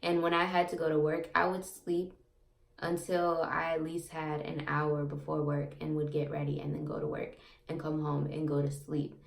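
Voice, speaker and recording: Gravelly-voiced young woman chatting off-mic. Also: low voice, monotone, normal speed, far from the mic. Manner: chatty, repeats herself, lots of "like" and "um". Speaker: vlogger. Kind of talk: casual storytelling to camera. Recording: echoey room, off-mic.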